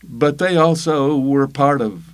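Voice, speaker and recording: An older man, a pastor, talking casually in an interview, halting with many fillers and restarts. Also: medium pitch.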